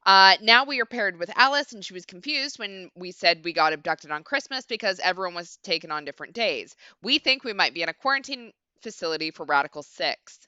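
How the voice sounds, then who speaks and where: A woman's voice: mid-range voice, animated, a little fast, few pauses, bright, forceful tone, clear, resonant tone, no room sound. A young woman streaming a video game, chatting casually and swearing freely. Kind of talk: casual let's-play commentary. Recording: dull lo-fi stream mic.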